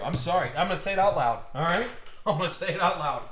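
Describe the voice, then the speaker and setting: A man with a slightly high voice calls out a live card break at home, excitable and teasing, laughing often between pulls. His voice rings in a roomy, echoey space. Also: fast, slight background noise. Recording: roomy echo.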